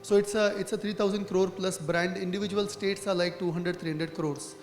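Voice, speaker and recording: A man with an Indian English accent sits on a marketing panel in a conference hall, speaking conversationally with frequent tag questions and fillers like "right?" and "you know." His voice is high-pitched with fairly even intonation and a moderate pace. The hall is echoey, with music present.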